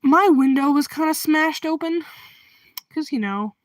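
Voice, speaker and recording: A young woman with a high voice rambles through a personal storytime, taking her time, laughing in asides and dropping to hushed remarks now and then. The sound is close and dry, with no room around her voice. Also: animated, measured pace, dry recording, rough recording. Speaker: vlogger. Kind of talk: storytime vlog.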